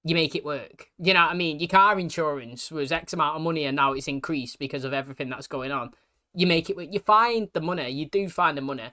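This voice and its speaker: A man's voice: a little high, quick pace, bright, forceful tone. A man giving casual reaction commentary, chatty and rambling, often asking if you know what he means. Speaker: reaction video host.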